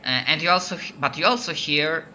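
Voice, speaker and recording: A man with English as a second language, running a tabletop game, pausing often with fillers. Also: fairly high pitch, sharp tone, highs cut off. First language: non-native English speaker. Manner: slow, hesitant, many fillers. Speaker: game master.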